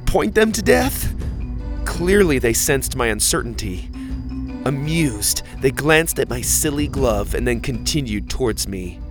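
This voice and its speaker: A man narrating a children's adventure story in the first person, with expressive storytelling. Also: medium pitch, a little slow. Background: faint music.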